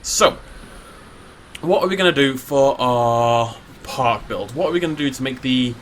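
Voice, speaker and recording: A man talking through a game build in a relaxed, chatty way, full of jokey asides and self-mockery. His voice sits at an ordinary pitch for a man, with a faint ambient hum in the background. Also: measured pace. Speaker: gaming YouTuber. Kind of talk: casual gameplay commentary.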